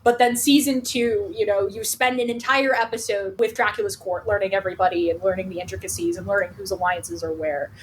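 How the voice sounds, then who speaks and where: A woman's voice: mid-range voice, steady tone, brisk, hardly any pauses, a little hiss or hum, low-quality recording. A woman co-hosting a podcast, summing up a show's plot in casual chat and swearing freely. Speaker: podcast co-host.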